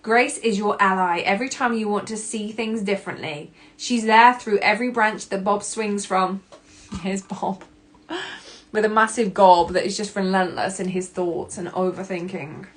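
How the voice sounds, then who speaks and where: A woman hosting a personal self-help podcast, candid and expressive. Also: mid-range voice, normal speed. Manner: candid and expressive, swearing casually, acting out her own past reactions. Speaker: podcast host.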